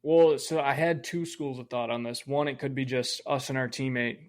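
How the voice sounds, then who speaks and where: A man's voice: mid-range voice, fairly even intonation, normal speed. A man co-hosting a podcast, chatting casually and laid-back, often in brief replies. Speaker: podcast co-host. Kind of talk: casual chat.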